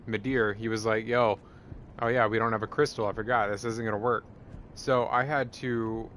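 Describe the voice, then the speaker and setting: A man chatting casually, rambling and swearing, full of fillers and getting excited as he talks. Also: mid-range voice, a little hiss or hum. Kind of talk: casual chat.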